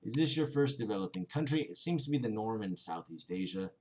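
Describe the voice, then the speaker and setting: A man's voice: fairly low pitch, lively intonation, fast, a little mellow, slight background noise. A man in a casual vlog, reading viewer comments aloud and rambling through his replies with many fillers. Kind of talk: casual chat.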